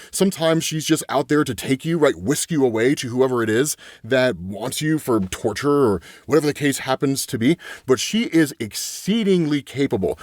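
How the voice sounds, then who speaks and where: An excitable man casually recapping a comic as host, packing his talk with "like" and "right?" and laughing as he goes. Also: on the high side, no room sound, clean studio sound. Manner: excitable, filler-heavy, lots of "right?" and "like"; laughs often mid-sentence.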